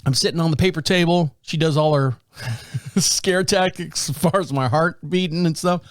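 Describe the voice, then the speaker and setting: Here a podcast host, his voice on the high side and his speed normal, relates a casual story with lots of laughter and animated impressions of the people he's quoting. There's no echo, and the studio sound is clean.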